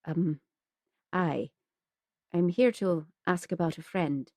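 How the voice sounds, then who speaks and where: A woman's voice: on the low side, takes it slowly, warm tone, dry recording, studio quality. A woman narrator voicing a young man, an orphan returning after years away, who speaks in a hesitant, earnest way.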